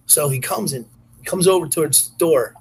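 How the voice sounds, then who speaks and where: A man's voice: on the high side, brisk, darkish tone, a little hiss or hum, rough recording. A man, a podcast guest, telling a long, rambling anecdote full of fillers and restarts.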